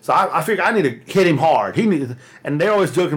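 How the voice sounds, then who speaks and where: Man, casual storytelling, animated, laughs often, profane, slightly high pitch. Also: racing, slightly rough.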